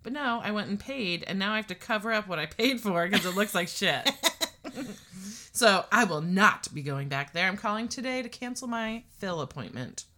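A woman with a bright, clear voice and a pitch that rises and falls a lot. She co-hosts a relaxed podcast, reading from her notes and giggling between lines. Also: moderate pace. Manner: giggly, reads notes aloud between laughs. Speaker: podcast co-host. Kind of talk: casual chat.

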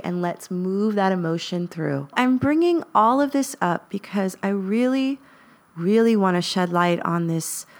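Podcast host, female, earnest and reflective, casual confessional talk. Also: medium pitch. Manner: earnest, lots of fillers, rising emphasis.

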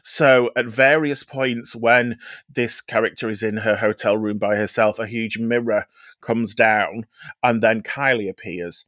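Bright-voiced man rambling through a review. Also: on the low side, fairly even intonation, a little slow, dry recording, clean studio sound. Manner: rambling, many fillers and restarts, gossipy. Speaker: podcast guest reviewer. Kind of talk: casual chat.

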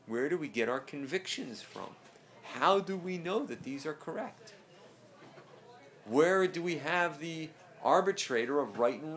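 A man's voice: mid-range voice, fairly bright tone. A man teaching a religious class, lecturing emphatically and repeating his key phrases.

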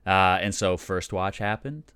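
A man acting as game master, casually recapping a tabletop game session in a relaxed, rambling way. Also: low-pitched, measured pace, clean tone, no room sound, studio quality. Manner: relaxed, loose storytelling with filler words.

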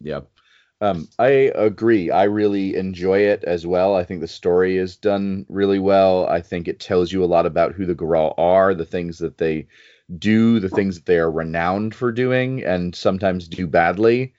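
Deep-voiced man, dry close sound. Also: moderate pace, a little mellow, dry recording. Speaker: podcast co-host reviewing a game book. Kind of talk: casual chat. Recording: dry, slightly muffled audio.

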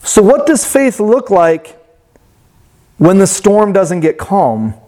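A man preaching a sermon in a reflective way that turns animated when he tells a story. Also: high-pitched, slow pace. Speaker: pastor.

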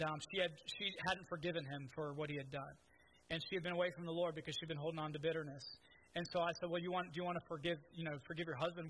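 A man's voice: on the high side, a bit bright, a little hiss or hum, rough recording. A man preaching a sermon, telling stories in a conversational way with many restarts. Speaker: pastor.

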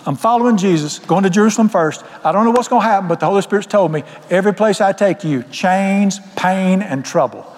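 Folksy preacher, high voice, hollers and jokes, long hall reverb. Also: male voice, quick pace, hardly any pauses. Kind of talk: fiery sermon.

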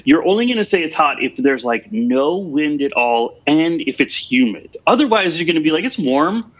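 A man's voice: on the high side, sing-song, moderate pace, fairly bright tone, highs cut off. A man co-hosting a comedy podcast, arguing his side insistently and going over his points again. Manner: argumentative, insistent, repeats points. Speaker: podcast co-host. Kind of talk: casual comedic debate.

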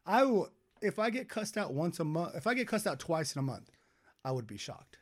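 A young man talks in loose, casual podcast banter. His voice sits a little high, and he gets animated, swears freely and laughs often. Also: brisk. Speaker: podcast co-host. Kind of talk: casual chat.

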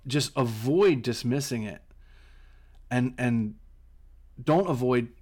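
A man's voice: mid-range voice, lively intonation, slow pace, darkish tone. A middle-aged man hosting a solo podcast, teaching coaches in an earnest way and often repeating a word as he starts a phrase.

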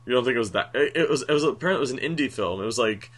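A man's voice: medium pitch, lively intonation, very fast, husky. A man co-hosting a podcast, chatting casually and often restarting his sentences. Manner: chatty, many restarts and fillers. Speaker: podcast co-host. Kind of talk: casual chat.

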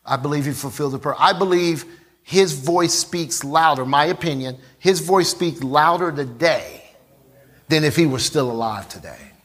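A middle-aged male pastor delivering a sermon in a voice pitched a touch above most men's. He leans hard on repeated phrases and draws the congregation into call and response. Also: animated, moderate pace, fairly bright tone, husky. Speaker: preacher.

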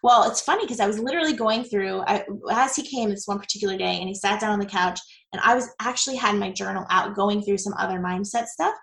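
A woman's voice: medium pitch, quick pace, creaky, hardly any pauses, a bit bright, reverberant, rough recording. A woman in her forties, a guest telling her story in a candid, chatty interview. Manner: candid and chatty, with frequent fillers and laughs. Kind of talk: casual interview.

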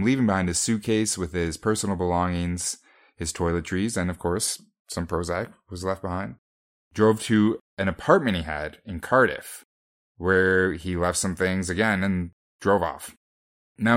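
A man's voice: low-pitched, moderate pace. A man from Canada co-hosting a podcast, wryly narrating the timeline of a case in casual chat. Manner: storyteller, reads out timeline, wry. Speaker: podcast co-host. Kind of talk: casual chat retelling a true story.

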